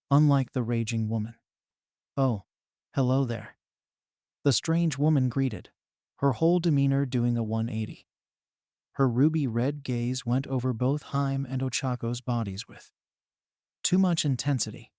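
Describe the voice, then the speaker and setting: A man reading a fan fiction story aloud as narrator, in an even, steady manner. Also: medium pitch, dry recording, clean studio sound.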